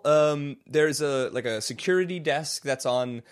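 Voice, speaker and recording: Male game master, casual, halting scene-setting full of fillers. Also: a little high, clear, resonant tone. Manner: rambling and hesitant, full of um and like. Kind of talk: narrating a tabletop game.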